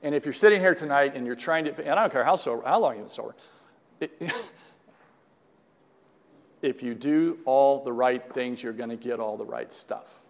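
An older man shares his personal story at a recovery meeting, talking in a loose, conversational way and often tossing in quick asides to the room. His voice sits at an ordinary middle pitch, and the sound carries a long hall reverb. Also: gravelly.

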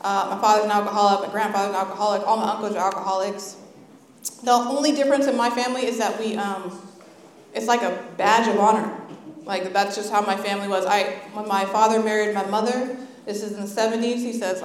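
A woman's voice: on the high side, steady tone, fairly quick, a little hiss or hum. An American woman from Napa, California, speaking to an audience at a recovery meeting, nervous, candid and heartfelt, into a stand microphone. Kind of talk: personal testimony to an audience. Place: meeting hall, indoors. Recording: echoey hall reverb.

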